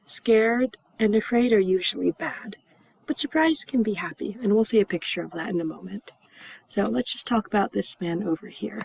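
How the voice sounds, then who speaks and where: Young female English teacher, slow and clear delivery, breathy with some vocal fry, acts out example phrases. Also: mid-range voice, no echo, rough recording. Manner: models example phrases with acted gasps and whispers. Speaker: ESL teacher. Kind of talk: slow, clearly enunciated classroom instruction.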